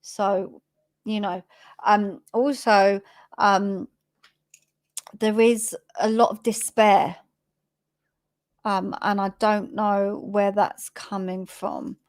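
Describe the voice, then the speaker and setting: A woman giving a live psychic reading, hesitant and chatty, filling pauses with many ums. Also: mid-range voice, level tone. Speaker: spiritual medium giving readings.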